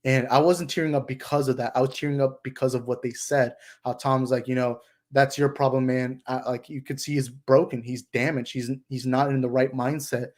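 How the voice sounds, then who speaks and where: A young adult man hosting a casual movie discussion livestream, excited and rambling, with lots of fillers. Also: mid-range voice, fairly quick, hardly any pauses. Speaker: channel host.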